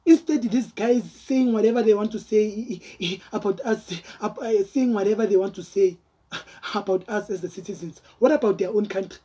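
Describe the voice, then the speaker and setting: Man, rambling vlog commentary, dark husky voice. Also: high voice, brisk. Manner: heated, rambling, addresses viewers as guys. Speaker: vlogger. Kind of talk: casual reaction commentary.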